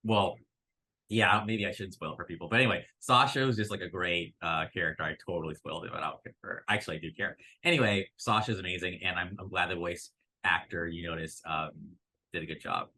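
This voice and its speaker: Excitable low-voiced man chatting. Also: a little fast, breathy edge, low-quality recording. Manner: excitable, rambling, swears freely. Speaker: podcast co-host. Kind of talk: casual pop-culture chat.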